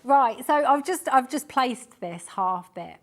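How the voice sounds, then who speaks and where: A woman's voice: high-pitched, lively intonation, takes it slowly. A woman demonstrating hand sewing on a live TV show, explaining step by step with chatty asides. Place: TV studio.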